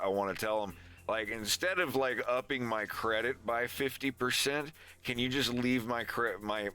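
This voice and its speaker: Male streamer, low voice with a bright edge, rambling and chatty. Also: clear, resonant tone. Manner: loose, profane, chatty advice-giving. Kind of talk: casual rambling stream chat.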